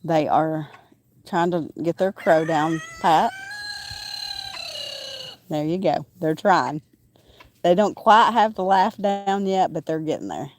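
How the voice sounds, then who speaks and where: A woman talks in a chatty, rambling way, with plenty of "um"s, and her voice sits a touch low. She is outdoors on a small farm during a casual livestream, and roosters and farm animals faintly crow and call behind her. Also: slow pace, long pauses, slight background noise. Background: roosters crowing and farm animals.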